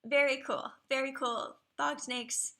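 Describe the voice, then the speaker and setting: A woman chatting casually on a live stream, reviewing viewers' dragons with upbeat, playful commentary and dropping now and then into soft whispers. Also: high voice, steady tone, slow.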